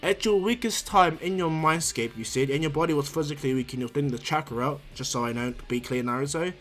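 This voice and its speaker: A man voicing a startled, high-strung young male ninja captain in a retold anime story. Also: fast, a bit bright, soft background music, natural voice. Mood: incredulous.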